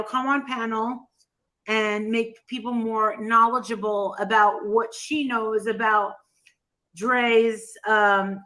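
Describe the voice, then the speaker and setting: A woman hosts a casual livestream, welcoming guests in a chatty way. Her voice is high and bright. She speaks slowly and unhurriedly. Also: rough recording. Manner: slow, chatty, introducing guests. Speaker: host.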